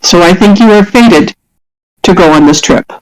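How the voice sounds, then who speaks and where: A woman's voice: fairly low pitch, moderate pace, rough recording. A woman narrating as game master of a tabletop role-playing game. She describes scenes at length and often restarts her phrases. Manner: descriptive, with frequent restarts and fillers.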